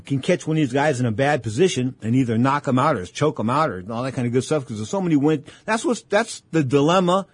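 Husky rambling boxing radio host, man. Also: mid-range voice, fast, hardly any pauses, dry recording. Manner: rambling, repeats himself, acts out old exchanges. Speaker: boxing talk show host. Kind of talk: casual radio commentary.

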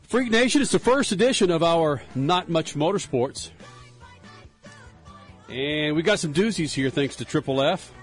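A man's voice: on the high side, animated, measured pace, soft background music. A man hosting a radio show, reading odd news items in playful, casual banter. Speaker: radio host.

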